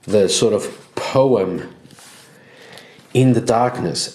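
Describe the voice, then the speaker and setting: Slow low-voiced man narrating a game. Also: a little mellow, slight background noise. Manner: slow, loose storytelling with restarts. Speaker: game master. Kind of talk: narrating a solo tabletop game. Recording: roomy echo.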